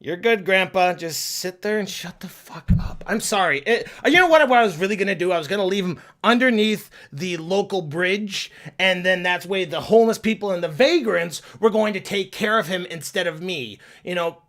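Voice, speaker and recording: A man's voice: high-pitched, expressive, fairly quick, hardly any pauses, a bit bright. A man giving a comedic game review as a YouTuber, sarcastic and exasperated.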